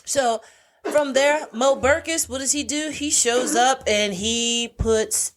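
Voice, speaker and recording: A woman's voice: high voice, slow. A woman co-hosting a podcast, chatting casually as she retells a movie's plot and acts out the characters' lines. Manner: animated storyteller, acts out quoted lines. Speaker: podcast co-host. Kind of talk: casual chat recapping a movie.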